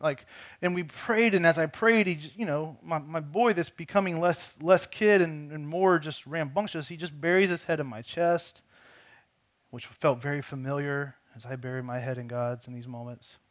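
Earnest pastor, slightly higher male voice. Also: normal speed. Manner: earnest, storytelling, frequent repeated words and restarts. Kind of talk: conversational sermon.

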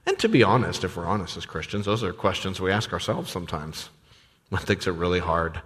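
A man's voice: sits low, big pitch swings, a little fast, fairly bright tone, husky. A man preaching a sermon as a pastor, talking conversationally with fillers and restarts. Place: church sanctuary. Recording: long church reverb.

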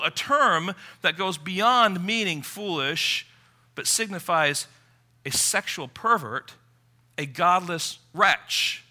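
A man preaching a sermon, emphatic, moving from quiet reflection to forceful appeals. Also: high voice, lively intonation, slow pace.

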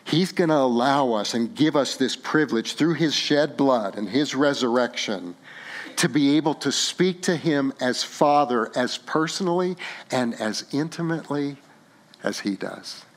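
A middle-aged male pastor preaching a sermon, earnest and halting at first, then rising to fervent emphasis. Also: medium pitch, expressive.

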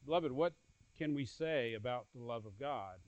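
A man preaching a sermon earnestly. His voice swells louder and then drops soft, and he repeats phrases and restarts words as he goes. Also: medium pitch, lively intonation, normal speed, no room sound, dull audio. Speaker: pastor.

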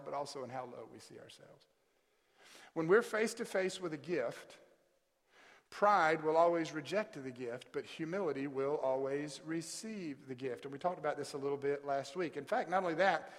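A male pastor preaching a sermon, with emphatic delivery that swells into loud, stressed peaks. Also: on the high side, moderate pace. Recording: long hall reverb.

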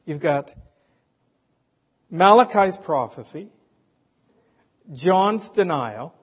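A man preaching a sermon in a slow, emphatic way, asking the congregation rhetorical questions. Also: fairly high pitch, lively intonation, slightly rough. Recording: dull, hall reverb, from a distance.

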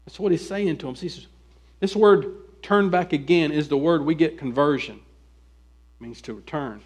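A male pastor preaching an expository sermon, reading scripture aloud and questioning his listeners, swinging from quiet asides to loud, emphatic pleading. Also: on the high side, moderate pace.

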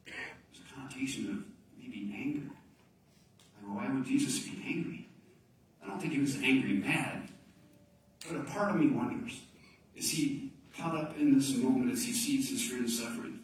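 A man preaching a sermon as pastor, swinging from loud emphasis to hushed, near-whispered lines. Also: mid-range voice, normal speed, long pauses, slight background noise. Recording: echoey room from a distance, faint ambience.

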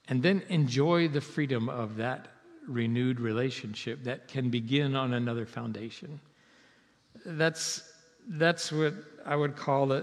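A man preaching a sermon as pastor, earnest and conversational, moving between emphatic and hushed delivery. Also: mid-range voice. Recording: reverberant hall sound.

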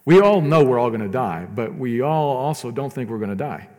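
A male pastor preaching a sermon in a conversational way, swinging between quiet asides and loud emphatic stretches. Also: medium pitch, lively intonation, a little fast, in a large hall.

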